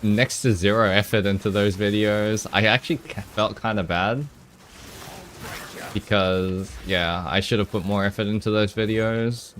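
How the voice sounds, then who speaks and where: A man with a lowish voice talks casually to his live-stream chat, reacting to comments and breaking into laughs between quick, loose sentences. A faint hum of ambience sits under his voice. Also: fairly even intonation, a bit bright. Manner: chatty, answers chat with laughs and restarts.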